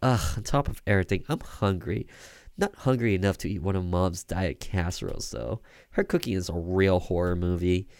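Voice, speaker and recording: Sarcastic teen girl , read by a man, grumbling and put-upon, low voice. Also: animated, moderate pace, darkish tone, clean tone, no echo. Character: sulky, sarcastic teenage girl left out of prom.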